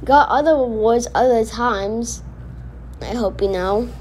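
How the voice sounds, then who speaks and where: Brief: high-pitched woman, reaction host, indignant rambling rants aimed at the screen. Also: measured pace, darkish tone, slight background noise. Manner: indignant, rambling, talks back at the cartoon. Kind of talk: casual reaction commentary.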